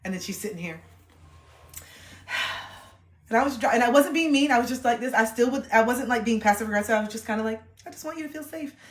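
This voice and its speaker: A young woman streaming, chatting candidly and reflectively, swearing freely and getting animated when she retells things. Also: fairly high pitch, fast talker, long pauses. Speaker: livestreamer. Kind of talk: candid casual livestream chat. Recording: roomy echo.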